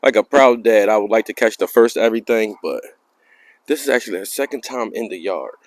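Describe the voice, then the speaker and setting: Man chatting about his dogs. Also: a little fast. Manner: talks to his dogs in a high coaxing voice. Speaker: vlogger filming his dogs. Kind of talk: casual chat to viewers. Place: outdoors in a yard.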